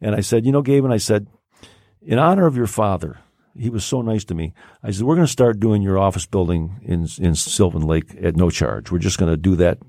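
A man's voice: low voice, brisk, gravelly, mellow, dry recording, clean studio sound. An older man, telling a long personal story in casual conversation, rambling with many fillers and restarts. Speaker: podcast guest.

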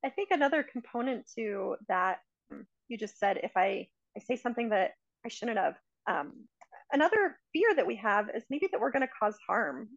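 A woman's voice: on the high side, sing-song, normal speed, creaky, no room sound. A woman in casual conversation, talking earnestly and reflectively as a coach, giving everyday examples. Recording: dry, dull lo-fi sound.

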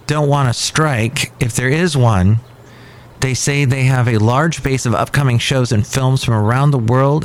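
A man hosting a casual podcast outdoors near a cafe, giving sarcastic, ranting asides. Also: medium pitch. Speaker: podcast host. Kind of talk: casual solo podcast talk. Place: outside a cafe.

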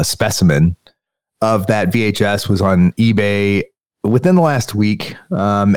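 A man with a low voice co-hosts a casual podcast. He tells a story with many fillers and hesitant restarts, and the sound is dry and close. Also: a little mellow, no echo. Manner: drawn-out, wondering, full of fillers. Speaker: podcast co-host. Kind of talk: casual chat.

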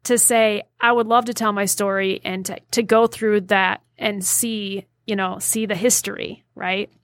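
A woman's voice: medium pitch, flat delivery, measured pace, a bit bright, dry recording. A woman guest on a podcast, speaking thoughtfully with frequent hesitations. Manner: thoughtful, hesitant, many fillers. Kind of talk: casual podcast conversation.

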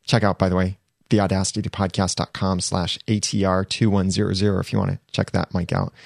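Host type: man, lowish voice, casual gear explainer, dry close sound. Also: vocal fry, no echo. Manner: chatty, self-correcting, slows down to stress items. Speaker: podcast host reviewing gear.

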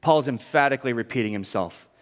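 Preaching to his congregation in a church sanctuary, a middle-aged pastor delivers an emphatic sermon with humor and rhetorical questions. His medium-pitched voice is animated and fast, carried by long hall reverb.

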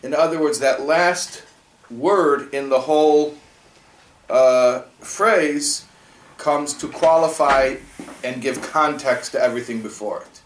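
A man's voice: medium pitch, slow pace, echoey room, distant mic, a little hiss or hum, low-quality recording. A man teaching a classroom lesson on a religious text, talking conversationally and asking his students rhetorical questions.

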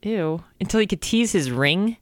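A woman's voice: medium pitch, animated, normal speed, no room sound. A woman co-hosting a comedy podcast, reading text aloud while giggling, groaning in mock disgust and breaking off to joke. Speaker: podcast co-host. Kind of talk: comic read-aloud of fan fiction.

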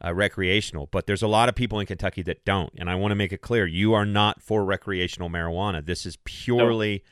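A male host asks his questions carefully and conversationally. His voice is deep and smooth, with a resonant tone. The sound is close and dry. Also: steady tone, quick pace, fairly bright tone, no echo. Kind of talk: casual interview.

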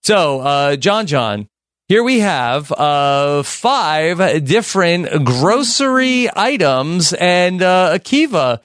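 A man hosting a mock game show over a video call, with a pitch that jumps all over the place. He rambles along, full of uhs and restarts. The sound is dry and close, with no room in it. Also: sing-song, slow, a bit bright, dry recording. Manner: rambling, filler-heavy hosting.

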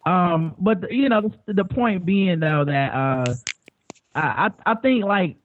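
A man's voice: sits high, lively intonation, measured pace. A man talking in casual chat as a podcast guest, rambling and repeating his words, swearing freely. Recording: tinny phone-like line.

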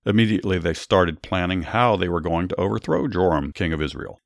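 Deep-voiced man reading Bible stories. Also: lively intonation, vocal fry, dry recording, studio quality. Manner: measured, earnest reading, small restarts in commentary. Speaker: storyteller and Bible teacher. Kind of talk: Bible story narration with commentary.

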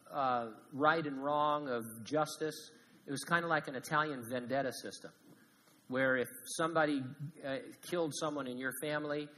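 A man preaching a sermon as pastor, animated, swinging from loud emphasis to hushed asides with jokes. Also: medium pitch, long reverb tail, poor audio.

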